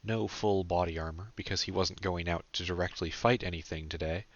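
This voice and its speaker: Deep-voiced man narrating an audiobook. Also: steady tone, muffled recording. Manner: brisk, matter-of-fact. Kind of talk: scripted narration.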